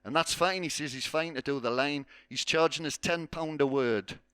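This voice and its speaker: A man's voice: on the high side, normal speed, a bit bright, clean tone, dry recording. A man hosting a spoken word night on a festival stage, rambling through self-mocking jokey banter before a live audience.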